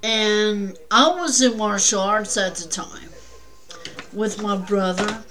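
A woman's voice: medium pitch, slow pace, a bit bright, rough recording. A woman guest on a talk show telling a personal story in a rambling, plainspoken way.

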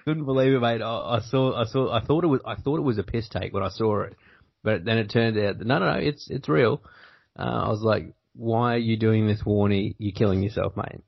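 Gravelly Australian man, rambling podcast host. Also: mid-range voice, fairly quick, no echo. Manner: rambling, self-interrupting. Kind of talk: casual podcast chat. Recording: dull lo-fi audio.

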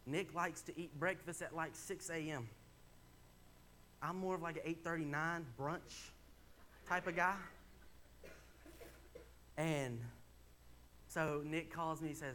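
A man's voice: on the high side, measured pace, pauses often, pushed and bright, a little hiss or hum. A young man preaching in a church, telling a personal story in a candid, conversational way and building to emphatic points. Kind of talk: sermon. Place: church sanctuary.

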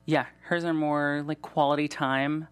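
A man's voice: a little high, flat delivery, measured pace, fairly bright tone, clear, resonant tone, dry recording. Joking man hosting a podcast. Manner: joking, playful, rambling. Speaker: podcast host. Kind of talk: casual chat.

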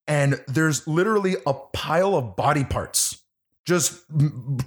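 A man recounts a film in casual chat, his voice sitting a little high. He tells it with lots of laughter and cursing. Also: a little slow, breathy edge. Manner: animated, profane, laughing storyteller. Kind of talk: casual movie review chat.

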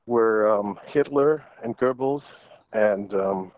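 A man's voice: on the low side, slow. Joking man over a tinny phone line. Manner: animated, joking storyteller. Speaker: friend on a call. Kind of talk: casual chat. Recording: tinny phone line with faint noise and clicks.

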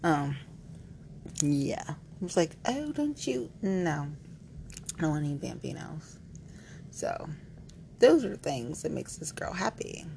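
A woman's voice: sits low, lively intonation, takes it slowly, creaky, pauses often, warm tone, a little hiss or hum, poor audio. A woman chatting candidly to camera, rambling and playful, frank and a little giggly, with lots of "like.". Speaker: vlogger. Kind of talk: candid casual chat to camera.

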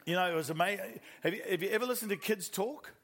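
A man's voice: high voice, quick pace, fairly bright tone, a little hiss or hum. A middle-aged man with a New Zealand accent preaching a sermon, telling stories with animation and laughing at his own jokes.

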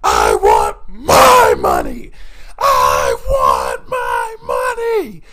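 A man putting on the voice of his screaming, self-pitying former boss, shrill and close to tears. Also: huge pitch swings, drawn-out words, vocal fry, some chatter behind, exaggerated voice. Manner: shrill, yelling, near tears.

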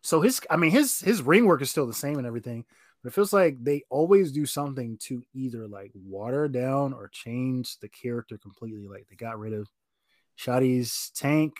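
A man's voice: mid-range voice, lively intonation, normal speed, no room sound, studio quality. A man co-hosting a podcast in casual chat, rambling through his opinions with lots of fillers. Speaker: podcast co-host.

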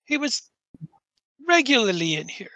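A jittery, talkative old churchyard keeper, all stammers and fond rambling in a put-on rural English accent, as a man acts him out. The voice is bright and crisp. It is recorded close and dry for a tabletop game session. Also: extremely high pitch, sing-song, a little slow, no room sound, voice pushed up, full character voice. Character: nervous old male graveyard caretaker, chatty.

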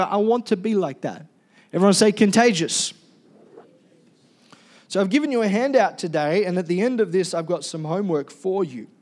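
A man preaching a sermon as pastor, animated and calling on the congregation to respond. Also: high-pitched.

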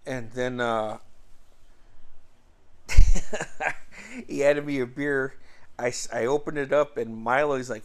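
A middle-aged man spinning a casual story at an unhurried, drawn-out pace. His voice sits at an ordinary pitch, and his manner is laid-back and salty, with frequent soft chuckles. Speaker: vlogger.

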